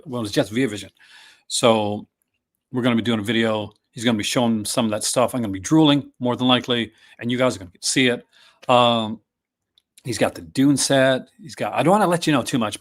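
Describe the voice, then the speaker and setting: A man hosting a casual live stream, talking enthusiastically with many fillers and restarts. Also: medium pitch. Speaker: host.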